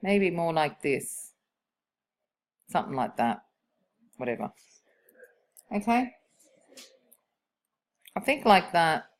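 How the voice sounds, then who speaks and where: A woman's voice: lowish voice, big pitch swings, slow, pauses often. A woman maths teacher, talking a class through graphs as she thinks aloud and asks them questions. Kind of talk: classroom lesson on curve sketching.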